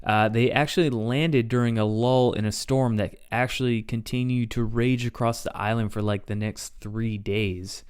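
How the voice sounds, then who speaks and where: A man's voice: medium pitch, fairly even intonation, normal speed, hardly any pauses, darkish tone, smooth, no room sound, clean studio sound. A man hosting a podcast, telling history in a loose, conversational way with fillers. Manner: loose and conversational, reads quotes aloud. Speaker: podcast host. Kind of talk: casual history narration.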